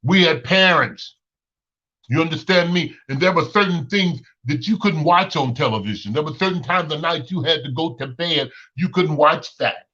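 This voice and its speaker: A man's voice: a little high, normal speed, pushed and bright. A man in his thirties with a Chicago accent hosts a casual opinion monologue, preaching and repeating himself for emphasis. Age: 30s. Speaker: host. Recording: lo-fi muffled recording.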